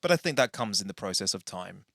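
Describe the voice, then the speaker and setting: A man's voice: low-pitched, very animated, fast, vocal fry, fairly bright tone, no room sound, studio quality. A man hosting a casual podcast, rambling through tangents and correcting himself as he goes. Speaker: podcast host.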